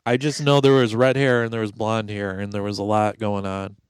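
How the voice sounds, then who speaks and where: A man's voice: on the low side, flat delivery, fairly quick, smooth, no room sound. Sarcastic teasing man, dry close mic. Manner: sarcastic, teasing, swears freely. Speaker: podcast co-host. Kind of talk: casual banter.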